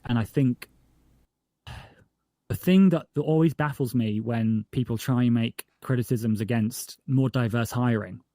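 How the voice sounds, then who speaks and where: A man from northern England who makes podcasts talks casually in an interview, his medium-pitched voice a little slow and recorded dry at studio quality. He's conversational, often restarts what he's saying, and gets animated telling jokes.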